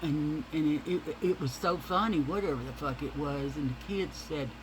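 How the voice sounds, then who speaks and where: A woman's voice: low voice, moderate pace, noisy background. A middle-aged woman vlogger telling a rambling, profane story in a casual way while she applies makeup.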